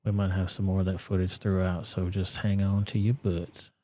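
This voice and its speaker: A man's voice: sits low, little pitch movement, normal speed, mellow. A man with a Southern US accent hosting casual reaction commentary, blunt and profane. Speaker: commentary channel host.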